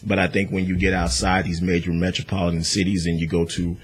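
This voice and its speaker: A man with a very low voice hosts a casual talk radio show. He talks in an emphatic, opinionated way and chats easily with his guest. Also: level tone, fast, slightly rough.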